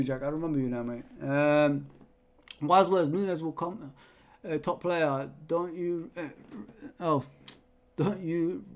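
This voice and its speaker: Young male fan host, casual watch-along chat with excited play-by-play bursts, higher-pitched voice. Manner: chatty, reads viewer comments, bursts of excited play-by-play. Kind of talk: live football watch-along commentary.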